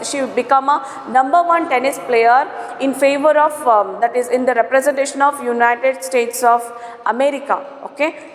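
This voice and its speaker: A woman teacher with an Indian English accent, slowly explaining a textbook lesson, repeating herself and checking in with "okay?". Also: high voice. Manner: slow, repetitive explaining with many fillers and "okay?". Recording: echoey room with long reverb.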